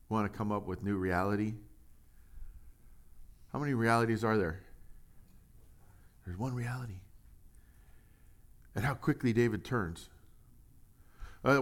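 A pastor giving a casual, conversational sermon, reading scripture aloud and asking his listeners rhetorical questions. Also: fairly low pitch.

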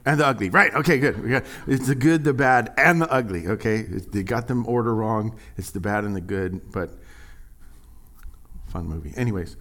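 Animated male pastor preaching. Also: moderate pace. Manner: animated, jokey, swings from quiet asides to loud high exclaims. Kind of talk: sermon.

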